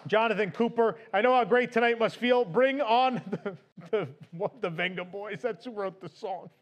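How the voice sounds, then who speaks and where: A man's voice: high voice, normal speed, highs cut off. A man hosting a live stream, casually reading out donations in a playful, laughing, loose manner.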